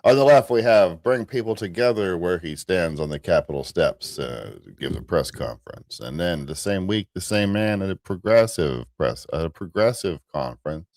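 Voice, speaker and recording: A man with a deep, low American voice rambles through a casual morning stream, restarting sentences and laughing at his own asides. The sound is close and dry, with no room around it. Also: a little mellow, no echo. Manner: rambling, restarts, chuckles at himself. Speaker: host of a live morning commentary stream.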